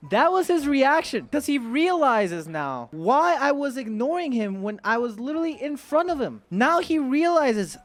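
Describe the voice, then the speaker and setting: A young man tells a crude story to his chat in a rambling way, stumbling over his words and restarting. His pitch swings widely from low mutters to high outbursts. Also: sing-song, moderate pace. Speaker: streamer telling a story. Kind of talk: storytime vlog.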